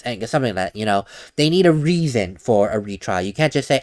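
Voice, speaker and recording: A man's voice: lowish voice, expressive, fairly quick, few pauses, a little mellow. A man hosting a let's play, commenting casually on the game between read lines. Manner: chatty, explains with mock quotes.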